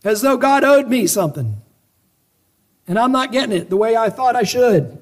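A preacher with a notably high, expressive voice delivers a sermon. He presses his listeners with rhetorical questions and earnest calls to examine themselves, slowing down to stress key phrases.

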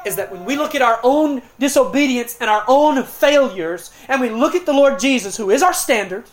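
A woman preacher delivering a sermon, slowing down to stress key words and swinging between loud emphasis and quiet, hushed passages. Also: high voice, animated, a little hiss or hum.

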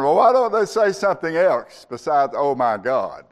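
A man's voice: on the high side, animated, measured pace, long pauses. Earnest preaching pastor, a man. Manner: earnest preaching, recites scripture, voices God in first person. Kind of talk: sermon.

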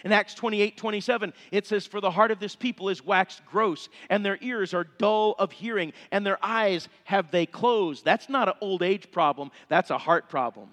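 A man's voice: sits high, normal speed, few pauses, a bit bright. A middle-aged male pastor, preaching a sermon with fervent, impassioned appeals in a church sanctuary. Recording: long reverb of a church hall.

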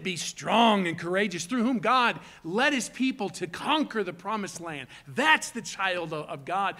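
A middle-aged pastor preaching a sermon, animated and explaining Hebrew words along the way. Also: male voice, high-pitched.

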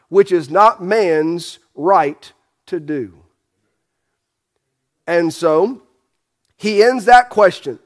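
A man with a high voice preaching a sermon. He talks emphatically, fires off rhetorical questions and often restarts his phrases. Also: lively intonation, very slow, pauses often. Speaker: pastor.

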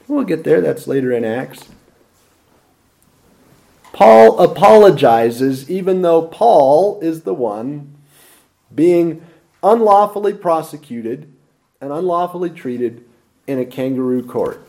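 Man, sermon, emphatic preaching, slightly high, mellow tone. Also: slow pace, creaky, pauses often. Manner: lively expository preaching with dramatic emphasis.

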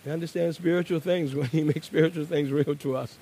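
A man preaches a sermon in a steady tone, dropping to a hushed, low voice before building to loud, emphatic bursts. He slows down on key words.

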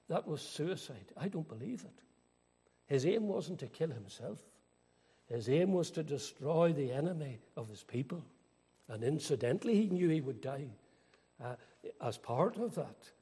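Older man, preacher, earnest sermon, dramatic swells, breathy tone, echoing hall. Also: on the high side, animated, moderate pace, warm tone. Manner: earnest, dramatic rises and falls. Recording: long hall reverb.

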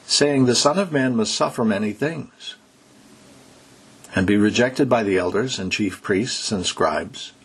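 A man preaching a sermon, exhorting his listeners and slowing down to stress key words. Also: on the low side, slightly rough. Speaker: pastor.

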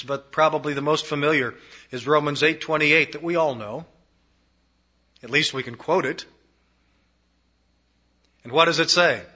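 A man preaching a sermon, emphatic, moving between raised declarations and hushed, low phrases. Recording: dull lo-fi recording.

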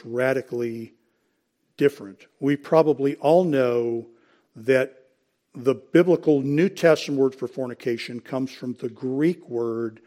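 Citing verses as he explains scripture, a preacher calls his congregation folks and occasionally clears his throat. He has a mid-range voice with a darkish tone.

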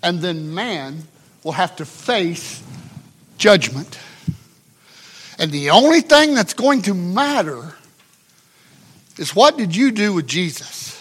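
A man preaching a sermon, swinging between shouted emphasis and hushed, drawn-out passages. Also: high voice, sing-song, slightly rough.

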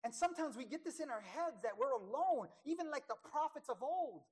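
Woman preacher with a fairly high voice; emphatic sermon, swinging between hushed and loud, stretching key words. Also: animated, brisk.

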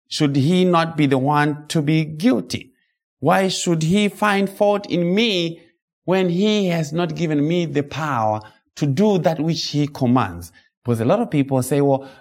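A man preaching an expository sermon, emphatic and rhetorical, reading scripture slowly and dramatically, with sudden high-pitched outbursts.

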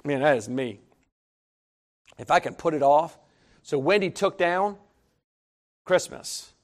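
A man's voice: a little high, expressive, takes it slowly. A middle-aged man preaching a sermon, telling folksy stories and talking straight to the congregation. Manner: folksy, storytelling preacher, addresses congregation directly. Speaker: pastor.

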